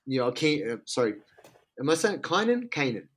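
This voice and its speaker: An excitable Australian man telling a story in casual, slangy talk. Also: a little high, moderate pace.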